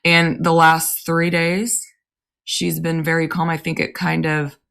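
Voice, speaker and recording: A woman's voice: sits low, monotone, measured pace, gravelly, fairly bright tone. A woman in her thirties co-hosting a podcast, telling candid family stories and swearing freely in casual chat. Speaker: podcast co-host.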